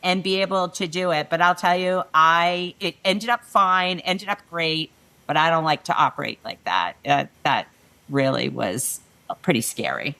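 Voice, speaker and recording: A middle-aged woman and panel guest who tells work stories in an animated way and acts out the dialogue. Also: low voice, normal speed, vocal fry. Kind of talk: panel conversation, storytelling.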